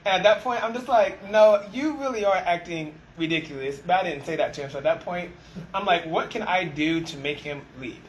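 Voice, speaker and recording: A man with a slightly high voice tells stories from his work leading a restaurant team in a relaxed conversation. He acts out what people said with animated energy. A faint noise sits under the recording. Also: a little fast, rough recording. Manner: animated storyteller, acts out quoted exchanges. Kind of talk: casual conversation.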